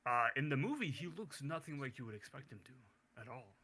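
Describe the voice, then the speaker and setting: Bright-voiced, rambling excited man. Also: medium pitch, a little fast, husky. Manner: rambling, restarts, excited bursts. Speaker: podcast host. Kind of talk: casual comic review chat.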